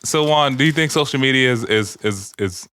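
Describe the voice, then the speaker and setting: A man's voice: medium pitch, expressive, moderate pace, bright, forceful tone, clear, resonant tone. A man hosting a casual podcast, joking around, laughing often and swearing freely. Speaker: podcast host.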